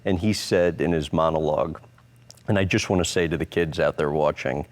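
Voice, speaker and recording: Male interviewer, deep low voice, direct and probing. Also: fairly quick. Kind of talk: interview questions.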